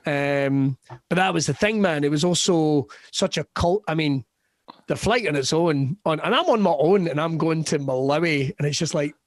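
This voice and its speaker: A middle-aged Scottish man, a comedian guest on a podcast, tells animated stories, laughs often and slips into quick character voices. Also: on the high side, no echo. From West Scotland. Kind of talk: casual podcast chat.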